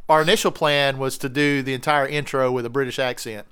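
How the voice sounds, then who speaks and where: A man's voice: mid-range voice, fairly even intonation, a little fast, a bit bright, clear, resonant tone. A man co-hosting a podcast in casual chat, joking and rambling with lots of "uh" fillers. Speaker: podcast co-host.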